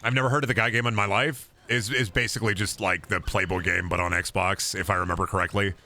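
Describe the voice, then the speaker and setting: A hoarse man streaming a game, chatting casually in a rambling, profane way that keeps restarting. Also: on the low side, steady tone, quick pace, sharp tone. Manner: rambling, profane, self-interrupting. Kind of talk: casual gameplay chat.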